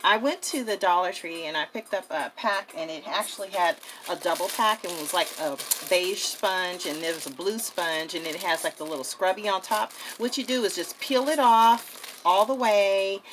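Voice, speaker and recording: A woman hosting her own craft channel, talking viewers through a miniature project in a chatty, excitable way. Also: fairly low pitch, normal speed, slight background noise. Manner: chatty and excitable, addresses viewers as "you guys". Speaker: craft vlogger. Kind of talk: casual crafting tutorial.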